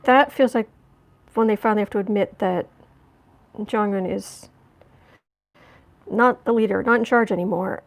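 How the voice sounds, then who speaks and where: A woman's voice: medium pitch, normal speed, gravelly, long pauses. A woman giving a casual tarot reading, musing aloud and often restarting or repeating words. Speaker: tarot reader.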